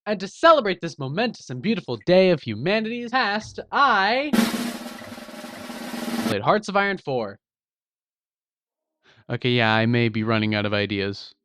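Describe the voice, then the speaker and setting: A man hosts his own strategy gameplay video, and his slightly high voice leaps all over the place as he jokes. He's excitable and quick to mock himself. Faint music plays beneath him. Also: dry recording. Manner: excitable, jokey, self-mocking. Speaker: gaming channel host. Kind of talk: energetic gameplay commentary.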